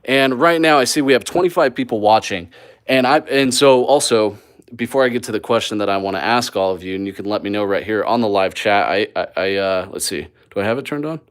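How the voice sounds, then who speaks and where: A man's voice: on the low side, a little fast, clear, resonant tone. A man hosting a live stream as he walks through a mobile home he is flipping, talking in an upbeat, rambling way with lots of fillers and restarts. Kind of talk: live walk-through vlog. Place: indoors in a small mobile home.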